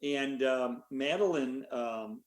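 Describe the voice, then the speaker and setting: An older man, an author, answering a question in a relaxed story full of fillers over a video call. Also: medium pitch, slow pace, reverberant. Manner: relaxed, rambling with many fillers. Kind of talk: conversational storytelling.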